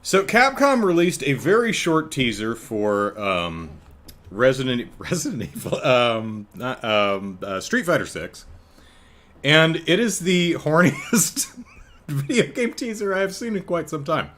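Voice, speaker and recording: Male podcast host, unhurried and wry, with a lively rise and fall, talking from home. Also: fairly high pitch. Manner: chuckling, wry storytelling with frequent restarts. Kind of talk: casual solo podcast chat. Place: home, apartment.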